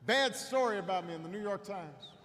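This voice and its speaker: At a rally, a middle-aged political candidate tells stories in a rousing campaign speech, his high, animated voice stumbling through halting repetitions as it builds slowly to a shouted climax. A large hall gives the recording long reverb and a little faint noise.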